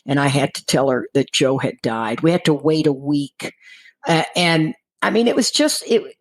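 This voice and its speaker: A woman's voice: low voice, lively intonation, normal speed, rough recording. A middle-aged woman from Texas sharing her personal recovery story candidly, acting out the dialogue of the people in it. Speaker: guest speaker in recovery.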